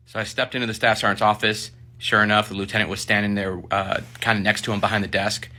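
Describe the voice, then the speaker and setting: A man, a military service member, casually telling a personal story in an animated way, acting out the people he quotes. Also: fairly low pitch, fast, hardly any pauses. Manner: animated, acts out quoted voices.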